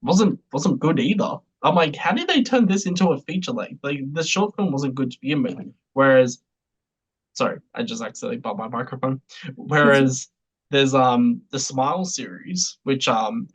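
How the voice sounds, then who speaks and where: A podcast co-host chatting casually, telling stories in an animated way, laughing often and speaking bluntly. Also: medium pitch, normal speed, slightly rough, poor audio.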